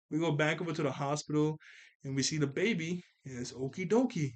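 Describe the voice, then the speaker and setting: A man's voice: on the high side, fast, darkish tone. A man casually recapping a cartoon episode as a reviewer, chatty, laughing often and quoting characters.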